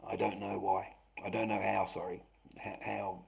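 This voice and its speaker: A man hosting a live stream, rambling and swearing, who swings between loud outbursts and low muttering. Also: level tone, moderate pace, vocal fry, rough recording. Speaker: livestream host.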